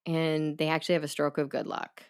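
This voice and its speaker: Brief: deep-pitched woman host, casual chatty storytelling, quick asides. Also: level tone, clear, resonant tone. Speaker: podcast host.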